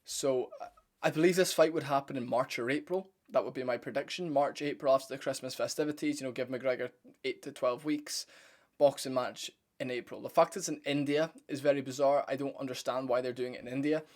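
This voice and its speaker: A man's voice: medium pitch, fairly even intonation, brisk. A young man hosting a fight-sports channel, giving a blunt, opinionated breakdown to his viewers. He rambles, restarts sentences and swears casually. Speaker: MMA commentary channel host.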